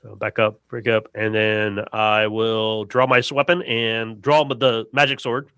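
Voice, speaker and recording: A man's voice: lowish voice, little pitch movement, measured pace, fairly bright tone, clean tone, no room sound. A man playing a tabletop game, playful and dramatic, speaking asides to the audience. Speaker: player.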